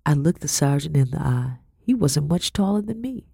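A woman reading a first-person story aloud in a measured, grave way. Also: low-pitched, animated, creaky, warm tone, breathy edge, dry recording, studio quality. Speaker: audiobook narrator.

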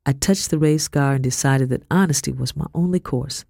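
A woman tells a first-person story in a measured, steady audiobook voice. She sits close to a studio mic in a dead, dry space with no echo. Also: sits low, creaky. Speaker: audiobook narrator.

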